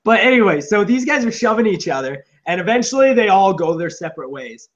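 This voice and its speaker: A man co-hosting a podcast, chatting casually in a rambling, profane way and acting out loud shouted quotes. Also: high-pitched, big pitch swings, fairly quick, lo-fi sound. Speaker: podcast co-host. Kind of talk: casual comedic chat. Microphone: on camera, seated.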